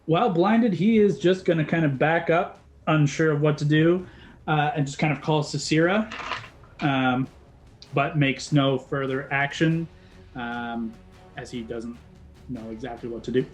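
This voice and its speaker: A man narrating as dungeon master, slow dramatic scene-setting between rules talk. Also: fairly high pitch, soft background music. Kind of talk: narrating a tabletop game.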